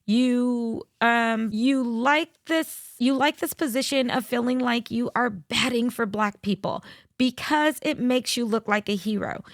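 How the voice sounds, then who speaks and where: Woman commentator, fairly high voice, blunt and lecturing, dry close sound. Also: unhurried, no echo. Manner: blunt, lecturing, addresses viewers directly. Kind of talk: opinion commentary to camera.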